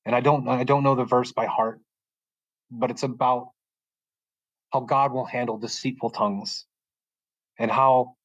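A man's voice: medium pitch, steady tone, unhurried, pauses often, dry recording, muffled recording. Earnest man sharing his testimony. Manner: earnest, rambling with frequent restarts. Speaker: podcast guest. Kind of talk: personal faith testimony in conversation. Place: bedroom at home.

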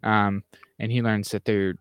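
A man co-hosting a casual podcast, rambling through recaps with fillers and restarts, dropping into quick mimicked lines. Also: fairly low pitch, level tone, clear, resonant tone, dry recording, dull audio. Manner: mimics characters in quick acted asides. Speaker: podcast co-host. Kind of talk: casual chat.

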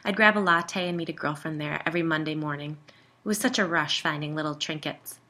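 A woman reading a dry, calm grandmother. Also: low voice, fairly quick. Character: calm, wry older woman, a grandmother and homeowner.

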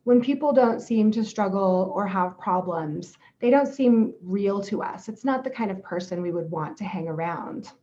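A woman speaking in a gentle, reflective and steady way, giving a calm self-help talk about self-compassion. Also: mid-range voice, normal speed, few pauses. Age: adult parent. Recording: slightly dull lo-fi audio.

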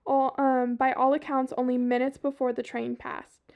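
Southern woman, young, true-crime podcast host, high voice, profane and chatty. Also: little pitch movement, normal speed, highs cut off. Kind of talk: casual true-crime storytelling.

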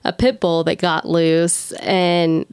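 A woman's voice: lowish voice, level tone, takes it slowly, darkish tone, clear, resonant tone, no echo, clean studio sound. A young woman from Texas with a Texan accent, co-hosting a casual podcast chat in a bubbly, giggly way. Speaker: podcast co-host.

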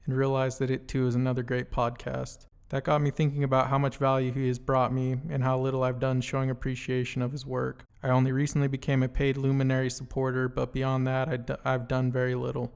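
A man's voice: mid-range voice, monotone, fairly quick, gravelly, few pauses, a little mellow, smooth. A man hosting a podcast, reading an earnest scripted introduction. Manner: earnest, read-from-script delivery. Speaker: podcast host.

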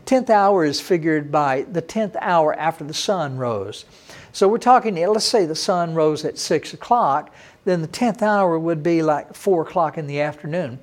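A middle-aged man, a pastor, preaching a sermon with emphatic swings between loud, high bursts and quiet, low passages. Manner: emphatic preaching with sudden rises and drops in pitch and loudness.

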